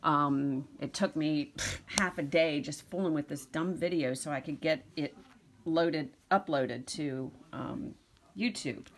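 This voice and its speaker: A middle-aged woman with a low voice talks through a casual vlog about her puppies. Her talk rambles with fillers and restarts, and she slips into cooing baby talk for the dogs. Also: a little slow. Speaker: dog breeder. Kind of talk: casual vlog narration to camera.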